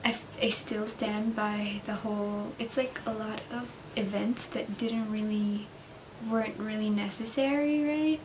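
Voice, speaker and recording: Slow-talking young woman, distant mic. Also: medium pitch, echoey room. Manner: chatty, laughs often, drops to whispers. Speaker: book vlogger. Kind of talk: casual reading vlog. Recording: distant mic with steady background hiss.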